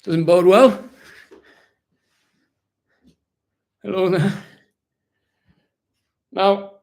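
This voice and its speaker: A proud, weary warrior-captain, put on by a man answers questions live. His voice sits fairly high. He rambles in a dry, mock-solemn way and keeps justifying himself. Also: steady tone, takes it slowly, vocal fry, a little mellow, heavily acted. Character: proud weary male warrior-captain of a kingdom, self-serving. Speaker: impressionist taking live questions in character. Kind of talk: live-stream in-character Q&A.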